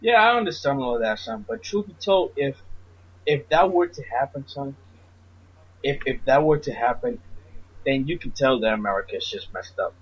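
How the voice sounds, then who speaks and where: Husky young man repeating "son". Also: medium pitch, expressive, normal speed. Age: young adult. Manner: slangy, says "son" constantly, repetitive restarts. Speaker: podcast host. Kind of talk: casual chat. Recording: dull, lo-fi podcast audio.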